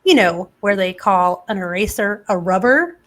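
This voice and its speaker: A woman's voice: medium pitch, animated, moderate pace. A woman hosting a casual chat show, joking around and quizzing her co-hosts with trivia. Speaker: podcast host.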